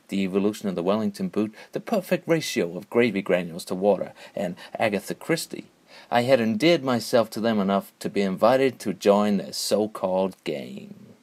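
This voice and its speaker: A man narrating a comic hard-boiled story in a deadpan, noir style. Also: on the low side. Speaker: comedian narrator.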